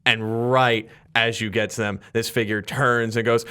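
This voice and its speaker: A man running a tabletop game, narrating scenes in a smooth, resonant voice at an average pitch. He describes things loosely and relaxed, filling his pauses with "like" and "uh". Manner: relaxed, descriptive, many fillers. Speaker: game master.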